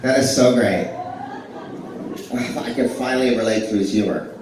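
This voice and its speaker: A man's voice: medium pitch, moderate pace, noisy background. Rambling man doing stand-up in an echoey club. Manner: rambling, self-deprecating, many fillers and restarts. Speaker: stand-up comedian. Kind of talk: live stand-up with crowd work. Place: small club with live audience. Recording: echoey, distant live club recording.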